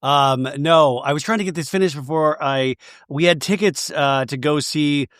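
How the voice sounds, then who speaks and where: A man's voice: moderate pace, a bit bright, dry recording, clean studio sound. A man hosting a podcast, chatting casually through a recap and acting out the quotes he tells. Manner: chatty, acts out quotes in high voices. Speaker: podcast host.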